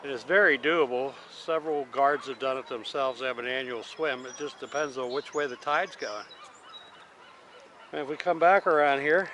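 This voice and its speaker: A man's voice: medium pitch, sharp tone, a little hiss or hum. A man vlogging a tour, chatting casually and telling stories with easy fillers, recorded outdoors on a handheld camera. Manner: easygoing, chatty storytelling with fillers. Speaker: travel vlogger. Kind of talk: casual vlog narration and tour commentary.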